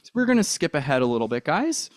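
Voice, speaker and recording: A man's voice: a little high, sing-song, fast talker, no echo. A man coaching a theater class on accents, upbeat and encouraging as he demonstrates lines. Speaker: drama coach.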